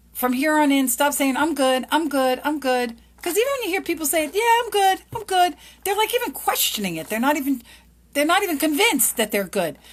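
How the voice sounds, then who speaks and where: Middle-aged woman host, higher voice, upbeat motivational talk, plays out little dialogues. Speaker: lawyer and podcast host. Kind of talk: motivational monologue.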